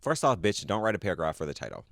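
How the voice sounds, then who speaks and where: A man's voice: lowish voice, sing-song, rapid-fire, creaky, fairly bright tone, no echo, studio quality. A young man co-hosting a podcast, reading a forum post aloud and adding sassy asides. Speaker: podcast co-host.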